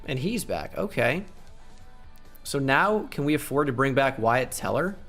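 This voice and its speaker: A man's voice: medium pitch, sing-song, measured pace, fairly bright tone, faint music behind. A man hosting casual video game commentary, rattling off stats with joking asides and cheering his team on. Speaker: gaming channel host.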